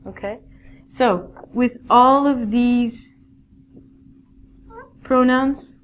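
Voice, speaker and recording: A woman teaching a basic English grammar lesson in a classroom style, explaining slowly and checking in often with "okay?". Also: fairly high pitch, slight background noise. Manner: slow, clear teaching with many "okay?" checks.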